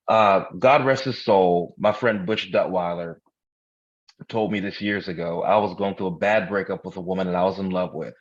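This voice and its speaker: A man's voice: low-pitched, moderate pace, dull audio. A man co-hosting a podcast in casual chat, a laid-back, profane storyteller. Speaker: podcast co-host.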